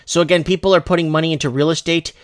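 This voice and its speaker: A man's voice: on the high side, steady tone, racing. A man hosting a casual livestream, from Canada, rambling through viewer emails with many restarts. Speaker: host.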